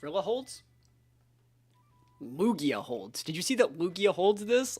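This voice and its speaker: A man's voice: on the high side, animated, takes it slowly, pauses often. A man giving live commentary on his own competitive game matches, hyped and full of slangy trash talk.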